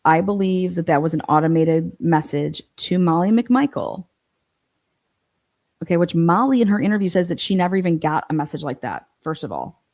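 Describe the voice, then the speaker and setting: Profane, incredulous woman with a mellow voice. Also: on the low side, animated, moderate pace. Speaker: true crime commentator. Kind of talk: livestream commentary.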